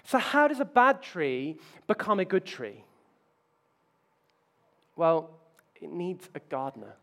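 A man's voice: high voice, big pitch swings, slow, gravelly, a bit bright. A man preaching a sermon, telling self-mocking stories with playful asides. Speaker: pastor.

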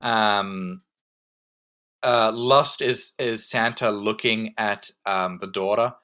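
A man's voice: fairly low pitch, fairly even intonation, takes it slowly, bright, forceful tone. A man co-hosting a casual podcast, speaking hesitantly with frequent ums and restarts. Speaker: podcast co-host. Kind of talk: casual chat.

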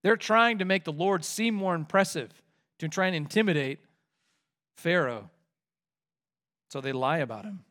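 A man preaching an expository sermon in an animated, conversational way as pastor. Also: high-pitched, moderate pace, pauses often.

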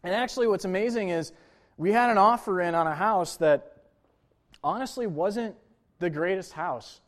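A man's voice: high-pitched, normal speed. A young adult man, a pastor, preaching a sermon in a conversational, personal way, often checking in with "right?" and "you know" as he talks.

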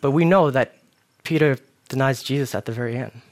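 A young man delivers a relaxed, conversational sermon in a voice of ordinary middle pitch. He tells stories with self-mocking humor and lively asides. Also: a little fast. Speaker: preacher. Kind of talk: casual sermon.

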